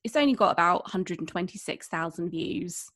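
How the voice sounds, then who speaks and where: A woman co-hosting a podcast, speaking in relaxed casual chat and laughing between remarks. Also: on the low side, normal speed. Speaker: podcast co-host.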